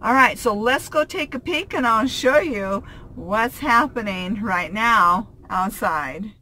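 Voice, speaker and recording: A woman with a fairly high voice, talking unhurriedly and rambling through a casual vlog inside her van. She fills gaps with ums and small laughs. A faint hiss of background noise sits under her voice. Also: expressive, takes it slowly, bright, forceful tone. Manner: chatty, rambling, many fillers and laughs. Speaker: van-life vlogger.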